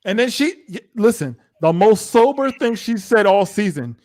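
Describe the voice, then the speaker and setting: An American man with a notably high voice, chatting casually as co-host of a live review show. He tells stories with animated delivery and slips into the voices of the people he quotes. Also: moderate pace. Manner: animated storytelling, acts out quotes. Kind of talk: casual live-stream chat.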